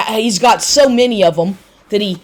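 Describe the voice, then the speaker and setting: A woman's voice: medium pitch, expressive, unhurried. Bitter, profane woman ranting. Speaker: vlogger. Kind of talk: angry personal rant.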